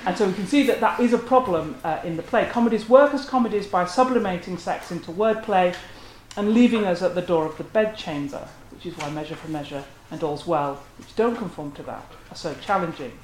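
Lecturer, academic talk, analytical and scholarly, mid pitch, roomy echo. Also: brisk, a little hiss or hum.

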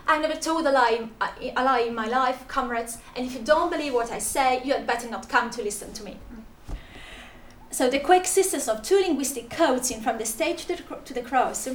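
High-voiced woman with a Russian accent. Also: brisk, reverberant, a little hiss or hum. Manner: reads a prepared paper with frequent restarts and fillers. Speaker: conference presenter. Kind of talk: academic paper presentation.

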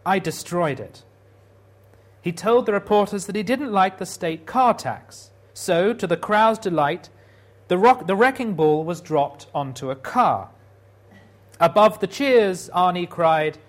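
A man giving a prepared public talk, telling stories in a wry way with dry humor. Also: high voice.

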